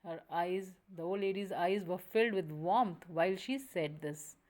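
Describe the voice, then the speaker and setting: A woman's voice: fairly low pitch, a little slow, a little mellow. A woman teacher reading a story aloud and explaining it line by line, with frequent restarts and self-corrections.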